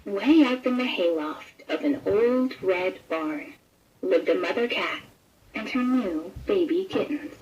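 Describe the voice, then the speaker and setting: A woman narrating a children's picture book in a gentle, expressive read-aloud manner. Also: medium pitch, measured pace, highs cut off, slight background noise. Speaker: storybook narrator. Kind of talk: scripted children's story narration.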